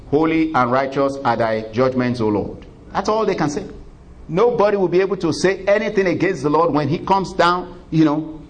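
Chuckling preacher with a fairly high voice. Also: male voice, rough recording. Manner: folksy retelling, chuckles and "you know" asides. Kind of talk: sermon.

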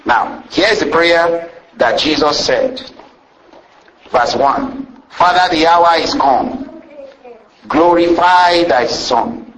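Delivering a sermon, this man reads old-style scripture aloud and builds his phrases with swooping rises, drawn-out lines, and rising and falling emphasis in a rhythmic preaching style. His voice is on the high side with a fairly bright tone, captured in a low-quality recording.

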